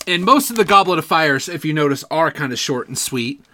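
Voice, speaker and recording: A man co-hosting a podcast, telling stories in animated, casual, profane banter. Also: on the high side, fairly quick. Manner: animated storyteller, swearing, laughing often. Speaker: podcast co-host.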